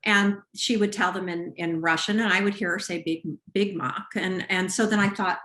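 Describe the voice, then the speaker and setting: Female guest, American writer, mid pitch, animated anecdotes, roomy echo on the voice. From United States West Coast. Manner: animated storyteller with halting restarts. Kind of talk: casual conversation.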